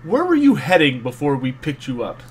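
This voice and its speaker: A man voicing a wary male ship's officer who asks probing, measured questions in a tabletop game. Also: on the high side, huge pitch swings, a little hiss or hum. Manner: measured, insinuating.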